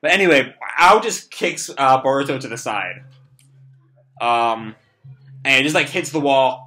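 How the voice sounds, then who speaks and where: A young man with a hoarse, worn voice talks through a comic chapter live, rambling along with constant "like" and "uh". His tone is bright despite the strain. It sounds like a relaxed, unscripted fan reaction. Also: medium pitch, a little slow, pauses often. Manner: rambling, full of "like" and "uh".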